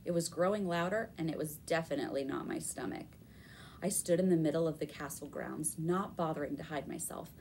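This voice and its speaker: Brief: low-voiced woman reading a kids' book aloud, faint background hiss. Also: a little fast, gravelly. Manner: expressive storytelling. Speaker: reader. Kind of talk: reading a children's novel aloud.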